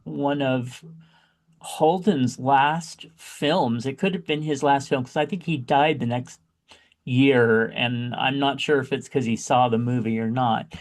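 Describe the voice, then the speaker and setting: A man co-hosting a podcast, chatting casually about a movie with big excited jumps in pitch when he exclaims. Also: unhurried. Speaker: podcast co-host. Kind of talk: casual chat reviewing a movie.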